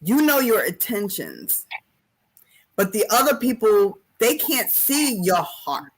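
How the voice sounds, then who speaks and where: A woman's voice: medium pitch, sing-song, takes it slowly, slightly rough, rough recording. A woman hosting a podcast conversation, affirming and emotionally open, speaking reflectively. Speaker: podcast host. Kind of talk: casual chat.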